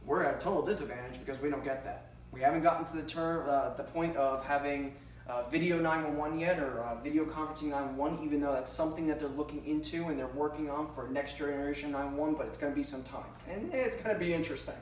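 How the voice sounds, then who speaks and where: A man's voice: fairly high pitch, fast. A man teaching a class for emergency dispatchers, talking casually with lots of fillers and stories. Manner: conversational, uses many fillers and personal anecdotes. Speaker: trainer for 9-1-1 dispatchers. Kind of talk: classroom lecture. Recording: very echoey room, distant mic, faint hiss.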